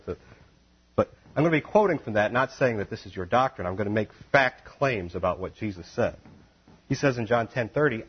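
Husky-voiced preacher rising to fervent emphasis. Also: male voice. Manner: builds from calm reading to loud, high-pitched emphatic preaching. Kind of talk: impassioned sermon. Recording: dull lo-fi recording.

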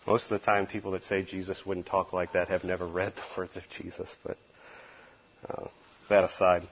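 A man's voice: low voice, measured pace, pauses often, husky, lo-fi sound. A man preaching through a Bible passage in an emphatic, folksy way, with wry asides. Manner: emphatic, folksy, sometimes laughs at his own asides. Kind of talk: expository Bible teaching.

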